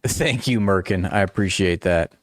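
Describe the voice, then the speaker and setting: A man on a live stream reacts to clips with sarcastic, mock-offended banter. His voice sits a little low and sounds dry and close to the mic. He teases and jokes as he talks. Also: moderate pace, dry recording. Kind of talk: casual live-stream commentary. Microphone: headphones with a headset.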